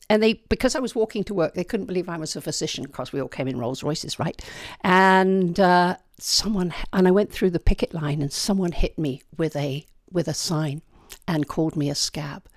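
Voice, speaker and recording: A woman's voice: lowish voice, darkish tone, no room sound, clean studio sound. An older woman with a British accent, a retired physician telling her life story in a casual interview. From United Kingdom. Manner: chatty, candid storyteller.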